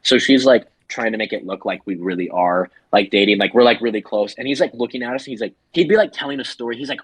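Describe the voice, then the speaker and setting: A man's voice: mid-range voice, sing-song, a little fast, a bit bright, husky, no room sound. A man co-hosting a podcast, telling a story casually and animatedly with plenty of laughter. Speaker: podcast co-host.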